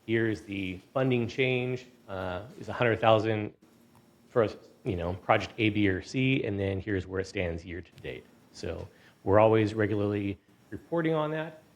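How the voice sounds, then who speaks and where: A man's voice: fairly low pitch, measured pace. A man presenting a staff report to a community board, reading a disclaimer aloud and then explaining it with fillers, out of breath from the stairs. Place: boardroom meeting.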